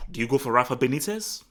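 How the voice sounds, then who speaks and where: Man, football stream host, casual and excitable, rambling with restarts, mid-pitched voice. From Nigeria. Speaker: football talk show host. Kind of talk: casual livestream commentary, reading the chat.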